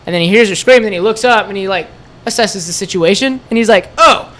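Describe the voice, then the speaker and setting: A store co-owner guesting on a podcast shares a road-trip tale in a fast, high-pitched voice. He keeps it casual and lively, acting out everyone's words and using "like" over and over.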